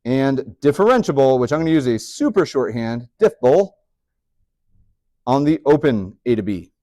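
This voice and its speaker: A man's voice: medium pitch, expressive, moderate pace, warm tone, no echo, clean studio sound. Male teacher, mid-range voice, chatty classroom lecture with playful asides. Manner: chatty, upbeat, joking asides to students. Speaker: high school math teacher.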